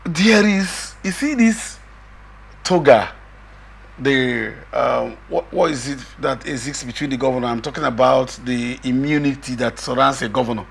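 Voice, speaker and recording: A middle-aged man with a husky voice, arguing emphatically as a guest in a political discussion, often repeating himself. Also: medium pitch, normal speed. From Nigeria. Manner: emphatic, repeats himself, quotes others in raised voice.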